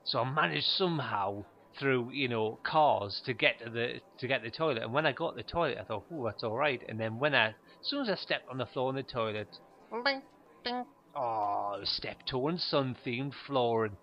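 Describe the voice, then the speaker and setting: A man telling stand-up stories in a deadpan, rambling way, full of fillers. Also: mid-range voice, moderate pace, lo-fi sound. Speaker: stand-up comedian. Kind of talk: stand-up monologue.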